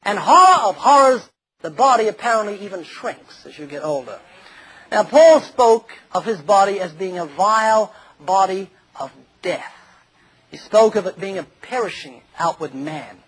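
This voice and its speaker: A man's voice: high-pitched, animated, normal speed, fairly bright tone, slightly rough, low-quality recording. A man preaching a humorous sermon, telling stories and acting out the quoted voices of others. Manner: jokey, storytelling, acts out quoted voices.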